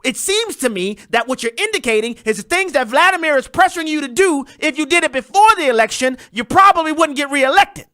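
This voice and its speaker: Commentary host, sarcastic and mocking, very lively pitch, bright cutting tone, dry close sound. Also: a little fast, few pauses, dry recording. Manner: sarcastic, mocking, talks straight to listeners. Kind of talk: animated political commentary monologue.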